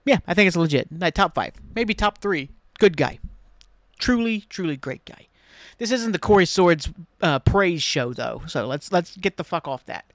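Excitable, swearing American podcast host. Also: male voice, high-pitched, normal speed, no echo. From United States. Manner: rambling, excitable, swears freely. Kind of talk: casual solo podcast chat.

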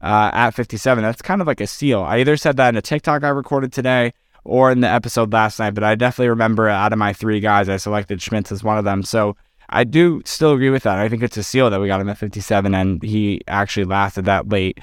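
A man's voice: on the low side, fairly even intonation, quick pace, clear, resonant tone, dry recording, studio quality. A tired man co-hosting a casual sports podcast, giving analysis with many fillers. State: tired, yawning. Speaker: podcast co-host.

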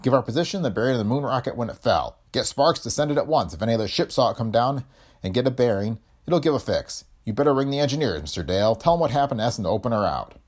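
A haughty sea captain, put on by a male narrator, commanding and condescending. He speaks with a lifted, lively pitch and a raised, firm delivery. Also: quick pace, close to an everyday voice. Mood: brisk. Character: commanding middle-aged male ship captain.

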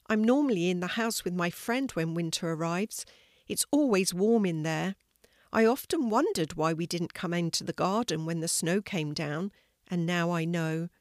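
Older woman doing a little pink teddy bear for a storybook, lifted pitch, soft, sometimes short-tempered. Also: moderate pace, no echo, clean studio sound, natural voice. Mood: wistful. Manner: soft storybook voice, raised and brighter. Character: lost female pink teddy bear, gentle, easily cross.

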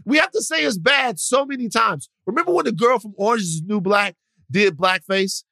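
Guy from louisiana on a podcast, gravelly kinda high voice, dry close sound, jokey and restarting a lot. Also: fairly quick, no room sound. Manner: animated, joking, trailing restarts. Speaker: podcast co-host. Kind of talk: casual chat.

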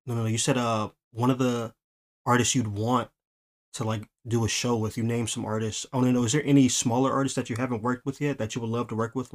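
Laid-back man hosting a podcast. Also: mid-range voice. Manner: laid-back, swears a lot, says "like" and "bro". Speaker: podcast host. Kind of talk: casual conversation.

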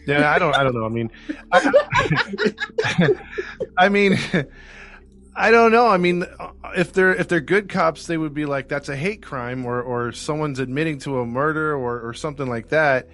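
A man's voice: fairly high pitch, very animated, unhurried, a bit bright. Hesitant man chatting on a podcast. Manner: hesitant, self-correcting, laughs easily. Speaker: podcast co-host. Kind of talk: casual podcast chat.

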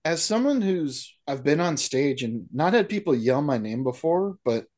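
A man's voice: on the high side, sing-song, normal speed, darkish tone. A man co-hosting a movie podcast, chatting casually and joking, often trailing off and restarting. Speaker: podcast co-host. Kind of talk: casual chat.

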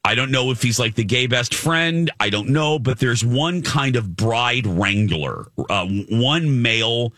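Man, podcast co-host, lively storyteller with a bright voice who slips into character voices; dry, close recording. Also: mid-range voice, a little slow, hardly any pauses, dry recording. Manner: animated storyteller, acts out voices of people in the story. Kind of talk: casual storytelling chat.

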